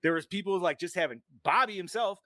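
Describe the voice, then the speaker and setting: A man's voice: high voice, fast talker, bright, forceful tone, dry recording. A man hosting a podcast, telling a rambling story in casual chat and swearing a lot. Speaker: podcast host.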